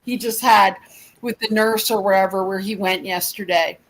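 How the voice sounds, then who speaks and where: A woman's voice: medium pitch, steady tone, normal speed, rough recording. A woman angrily venting in a casual chat, exasperated and swearing often. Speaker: participant in a group chat.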